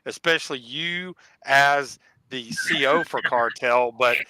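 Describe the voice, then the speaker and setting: A man's voice: medium pitch, slow pace, sharp tone, slight background noise. A man chatting on a panel in an upbeat, encouraging way. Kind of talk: casual panel chat.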